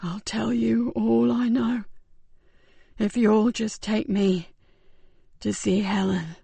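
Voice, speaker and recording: A woman voicing a dying, tortured man who speaks in a slow, halting, breathy near-whisper, short of breath. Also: medium pitch, steady tone, dark tone, no echo, heavily acted. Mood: weak pleading.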